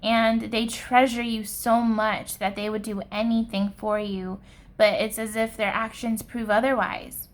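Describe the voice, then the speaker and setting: A woman giving a pick-a-card tarot reading with a slow, soft and earnest delivery. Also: a little high, little pitch movement. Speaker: tarot reader.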